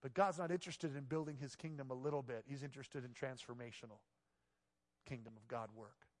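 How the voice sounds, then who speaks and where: Pastor preaching in a reverberant sanctuary. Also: male voice, mid-range voice, fairly even intonation, fairly quick. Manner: swings between hushed, intimate passages and loud, emphatic exclamations. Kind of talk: sermon. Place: church sanctuary. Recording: long reverb of a large church hall.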